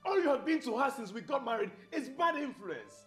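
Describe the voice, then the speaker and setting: A man's voice: fairly high pitch, huge pitch swings, moderate pace, faint music behind. A man playing a furious husband. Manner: yelling, stammering repeats, sarcastic. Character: bossy, hot-tempered husband throwing out his wife's friends. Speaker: controlling husband in a comedy skit.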